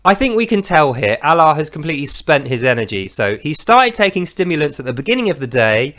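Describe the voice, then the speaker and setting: A man with a notably high voice delivers scornful commentary on scripture. He talks with biting sarcasm and casual swearing, like a host picking a text apart for his regular viewers. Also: sing-song, fairly quick, fairly bright tone. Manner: sarcastic, profane, mocking. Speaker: host of a religious critique channel.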